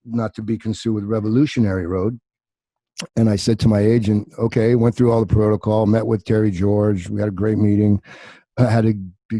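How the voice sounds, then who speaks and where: A middle-aged actor guest telling profane, animated anecdotes in a casual podcast chat, slipping into quoted voices. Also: male voice, lowish voice, dry recording.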